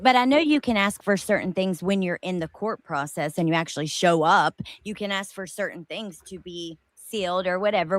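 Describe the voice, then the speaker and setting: A woman's voice: lowish voice, no room sound. A woman co-hosting a casual commentary chat, musing aloud in a loose, chatty way. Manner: chatty, thinks aloud with fillers and hedges. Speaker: co-host.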